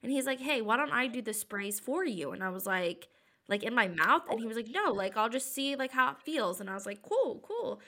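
A woman co-hosting a podcast, telling a funny story in animated bursts with a sore throat. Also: fairly high pitch, brisk. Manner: animated storyteller, quoting others in lively bursts. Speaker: podcast co-host. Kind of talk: casual storytelling chat.

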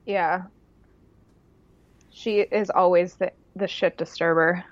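A woman co-hosting a casual podcast, agreeing quickly and chiming in with gossipy reality-TV takes. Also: on the low side, fairly even intonation, no echo, highs cut off. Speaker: podcast co-host. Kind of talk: casual reality-TV recap chat.

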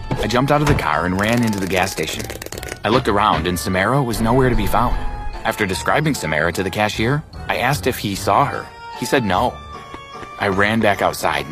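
A man narrating a first-person story in a measured, dramatic way, with music playing behind. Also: fairly low pitch.

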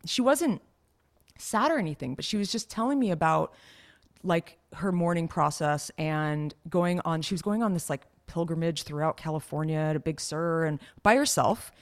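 A woman with a low-pitched voice speaks at a moderate pace. She's co-hosting a podcast, telling stories in a rambling, chatty way packed with fillers during casual conversation.

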